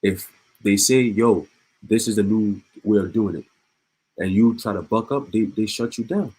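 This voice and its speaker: A low-pitched man reads the news aloud in a casual way and comments between the lines. His voice is husky. He repeats words and breaks off with short laughs. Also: normal speed, mellow, low-quality recording. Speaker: online commentator.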